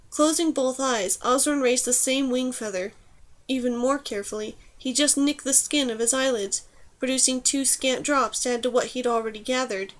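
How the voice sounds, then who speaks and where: A woman reading a fantasy novel aloud, her voice on the higher side. She narrates in a steady, even storytelling manner, clear and scripted. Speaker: audiobook narrator.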